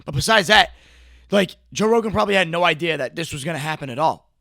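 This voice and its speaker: A young man giving casual, mocking reaction commentary, riffing excitably with lots of "like" and "bro". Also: on the high side, fast, vocal fry, no echo, studio quality. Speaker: commentary video host.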